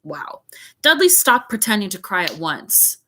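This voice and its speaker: Woman teacher, read-aloud over video call; chatty asides, bright animated voice. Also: medium pitch, a little hiss or hum. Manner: chatty, pausing to comment and explain. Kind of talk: read-aloud storytelling to a class.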